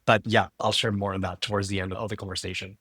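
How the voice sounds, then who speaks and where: A man's voice: fairly low pitch, flat delivery, fast talker, a bit bright, husky, no room sound, studio quality. A man from Greece with a mixed Greek, American and British accent, chatting casually as a podcast guest. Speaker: guest, design leader. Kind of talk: casual interview chat.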